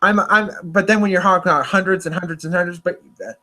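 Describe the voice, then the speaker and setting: Young male host, high voice, chatty and rambling, stumbles and corrects himself. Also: fairly even intonation, quick pace, sharp tone. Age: young adult. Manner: rambling, restarts and self-corrections. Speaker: podcast host. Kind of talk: casual chat about storm forecasts.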